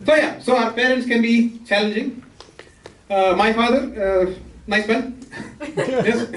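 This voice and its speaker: A man from India performing a stand-up comedy set, with brisk delivery and quick asides to the audience. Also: very high voice. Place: comedy club stage with laughing audience. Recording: roomy, distant, with crowd laughter.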